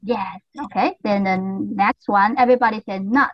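A woman's voice: medium pitch, fairly even intonation, dull audio. Patient woman teaching kids English. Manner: patient, slow and encouraging, repeats words carefully. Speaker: English teacher for young learners. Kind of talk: online class drills.

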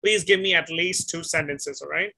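A bright, clear-toned man leads a one-on-one English lesson. He is patient, repeats his questions slowly, and keeps checking whether his student is following. His voice sits a little high for a man. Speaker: English teacher.

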